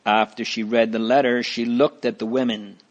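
A man narrating a story aloud in a calm, deliberate way. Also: mid-range voice, lo-fi sound.

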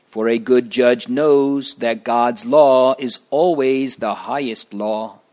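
A male narrator reads a storybook aloud for children, explaining plainly as he goes. His pace is slow and unhurried, at a middling pitch. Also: a little mellow.

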